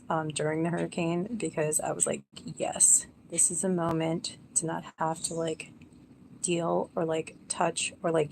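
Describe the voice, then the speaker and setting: Low, gravelly-voiced woman chatting on a live stream. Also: a little mellow, slight background noise. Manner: rambling, chatty, self-mocking. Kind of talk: casual live stream chat.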